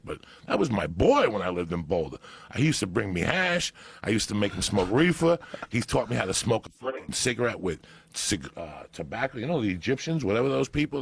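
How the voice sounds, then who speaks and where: A man with a rough, husky, gravelly voice spins profane stories in casual chat. He swears constantly and gets loud. The sound is dry and close. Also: on the low side, no room sound. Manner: profane, loud storyteller who breaks into laughter. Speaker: podcast guest.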